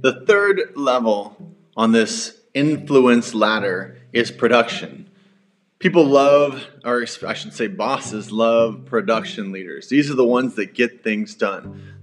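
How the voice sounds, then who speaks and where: A man, a pastor, hosting a podcast on leadership in a conversational, self-deprecating way with storytelling asides. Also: medium pitch.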